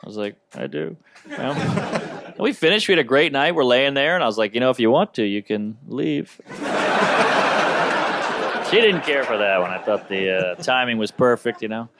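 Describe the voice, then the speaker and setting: A male stand-up comedian with a wry, deadpan, self-deprecating delivery, doing a comedy set. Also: mid-range voice, moderate pace, pauses often. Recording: noisy recording of a comedy special.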